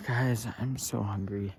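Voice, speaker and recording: A man's voice: lowish voice, husky, no echo. A man vlogging a playful outdoor adventure in a goofy, mock-dramatic way. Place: outdoors in a field.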